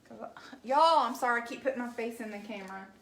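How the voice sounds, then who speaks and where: A chatty woman with an Alabama Southern accent talks to her viewers in a relaxed, folksy way as she paints. Her voice sits on the higher side, and it rings around an echoey room. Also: fast talker, gravelly. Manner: chatty and folksy, answers viewer comments aloud. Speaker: craft livestream host. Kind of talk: casual livestream chat while painting.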